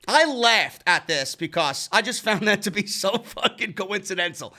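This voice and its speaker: Male reviewer, high-pitched and bright, profane and exasperated recap. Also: lively intonation, moderate pace, few pauses. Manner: profane, exasperated, stumbles over words. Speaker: wrestling show reviewer. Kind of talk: casual recap and rant.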